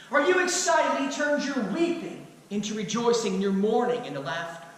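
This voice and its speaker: A man's voice: sits high, fairly bright tone, slight background noise. A man preaching a sermon as pastor, firing rhetorical questions with touches of humor. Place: church sanctuary. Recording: echoey hall, mic at a distance.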